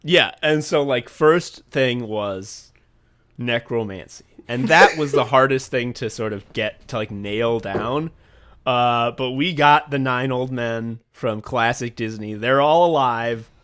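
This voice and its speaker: A man co-hosting a podcast in casual comedic chat, reading patron names with deadpan absurd jokes. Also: mid-range voice, takes it slowly, clean tone. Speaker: podcast co-host.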